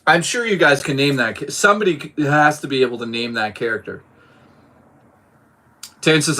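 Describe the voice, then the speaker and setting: Man from Boston, casual live-streamer, loose and profane, reads chat aloud, a touch higher-pitched voice. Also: lively intonation, normal speed, a bit bright. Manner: chatty, swears casually, reads out chat messages.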